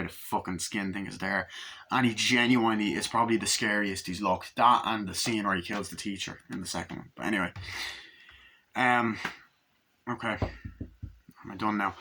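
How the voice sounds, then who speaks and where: A man giving a casual movie review, recapping scenes excitedly with lots of swearing and rambling. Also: fairly low pitch, slight background noise.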